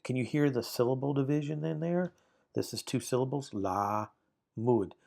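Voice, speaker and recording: A man teaching a recorded grammar lesson, sounding out syllables slowly and often checking "right? okay?". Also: medium pitch, gravelly, warm tone. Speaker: Bible Hebrew teacher.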